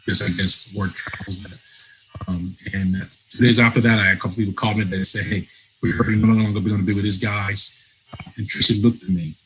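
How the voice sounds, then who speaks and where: Animated male storyteller from Africa. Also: lowish voice, fairly quick, a little hiss or hum, poor audio. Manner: animated storyteller, laughs often, acts out dialogue. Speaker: guest. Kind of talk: storytelling interview. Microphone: remote call.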